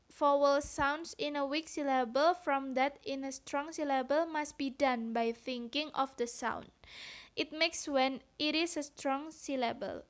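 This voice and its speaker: A woman with a high voice presents a phonetics lesson. She reads at a slow, unhurried pace and sounds out each example syllable with care. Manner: careful, deliberate explanation with sounded-out examples. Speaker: student presenter. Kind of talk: read-aloud phonetics lesson.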